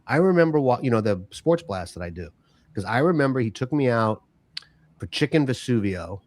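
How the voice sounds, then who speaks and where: A man hosting a podcast, chatting casually in a relaxed, conversational way. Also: medium pitch, brisk. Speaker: podcast host. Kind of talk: casual chat.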